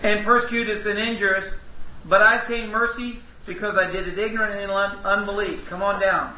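A man's voice: high voice, fairly even intonation, fairly quick, a little hiss or hum. A man teaching a Bible study to a small group in a folksy, emphatic way, joking with his listeners. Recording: echoey room, distant mic, dull lo-fi.

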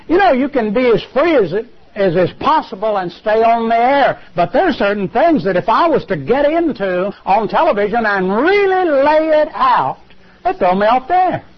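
A man preaching a sermon on television, emphatic, with rhetorical questions and sudden jumps in pitch. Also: husky. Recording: lo-fi television broadcast.

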